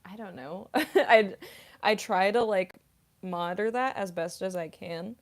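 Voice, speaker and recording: A woman's voice: mid-range voice, measured pace. A young woman streamer and voice actress answering chat questions casually, rambling with lots of fillers and giggles.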